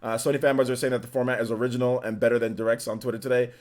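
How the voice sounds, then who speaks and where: A young man chatting casually on a live stream, animated and quick to laugh, often repeating himself as he reads chat. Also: mid-range voice. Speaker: streamer reacting and reading chat.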